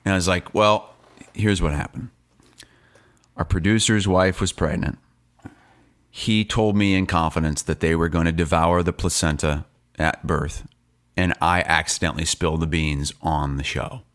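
A man co-hosting a sports podcast, talking casually and telling animated stories with laughs and voices of other people. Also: low voice, moderate pace.

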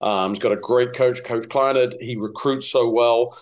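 A man's voice: mid-range voice, moderate pace, lo-fi sound. Middle-aged English-accented man, podcast guest, easygoing anecdotal delivery, filler words. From England. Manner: relaxed storytelling with many fillers. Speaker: guest, golf broadcaster. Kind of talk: casual podcast chat.

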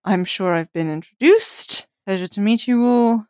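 A woman voicing a friendly, welcoming male elf innkeeper in a tabletop game, speaking loudly with a put-on accent she keeps losing. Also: medium pitch, moderate pace, clean tone, dry recording, studio quality, natural voice. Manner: chatty and welcoming, loud delivery.

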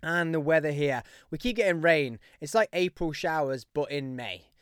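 Man, Birmingham accent, young adult, podcast host, upbeat and rambling, smooth clear voice. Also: a little high, normal speed, a bit bright, no echo, clean studio sound. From West Midlands, England. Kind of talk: casual podcast monologue.

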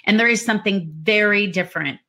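A woman's voice: mid-range voice, fairly quick, pushed and bright. A woman co-host reading viewer comments and sharing her writing habits in a casual chat.

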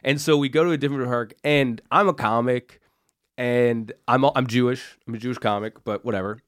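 A man's voice: medium pitch, steady tone, brisk, dry recording, clean studio sound. A man, a comedian guest on a podcast, telling a story in a rambling way full of fillers and swearing.

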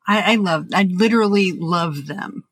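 A woman's voice: on the low side, normal speed, husky, dry recording. A woman from Roanoke hosting a casual chat, gushing and emotional, laughing often. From Roanoke, Virginia. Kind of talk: casual conversation.

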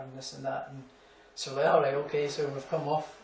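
A man's voice: mid-range voice, little pitch movement, fast, darkish tone, far from the mic. A young Scottish man, a boxer, telling rambling anecdotes in a casual interview, full of fillers and laughs. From Scotland. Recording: echoey room, off-mic, faint hum.

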